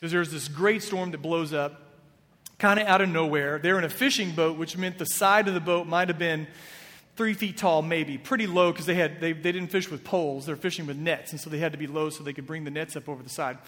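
A man's voice: fairly high pitch, steady tone, a little fast, a bit bright. A man preaching a conversational sermon, retelling scripture with casual asides. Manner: conversational, with fillers and restarts. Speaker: pastor. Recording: long hall reverb.

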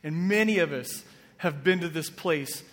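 A man's voice: a little high, a little slow, a bit bright. Man preaching in an echoing hall. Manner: conversational, with fillers and restarts. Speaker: pastor. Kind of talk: sermon. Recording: long hall reverb.

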